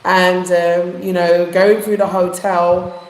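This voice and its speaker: A woman's voice: fairly low pitch, level tone, takes it slowly. A woman from England telling a heartfelt personal story in casual chat, using street slang. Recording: echoey room.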